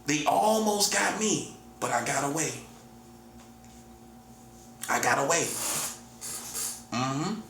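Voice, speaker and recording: A man's voice: a little high, animated, slow, gravelly, pauses often, a bit bright, slight background noise. Combative man in his forties, echoey room. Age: 40s. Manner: repetitive, combative, keeps calling the listener "buddy". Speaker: self-styled prophet giving a monologue. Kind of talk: confrontational spoken monologue. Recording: roomy echo, faint background ambience.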